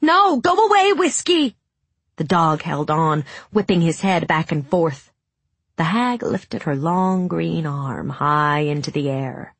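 A woman reading a story aloud in measured, dramatic audiobook narration. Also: low voice, vocal fry, breathy edge, no echo.

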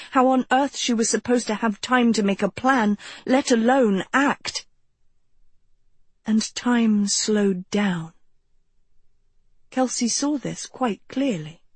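A woman narrating a story in a measured, expressive reading. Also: mid-range voice, slightly rough, no echo. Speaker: audiobook narrator. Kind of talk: scripted narration.

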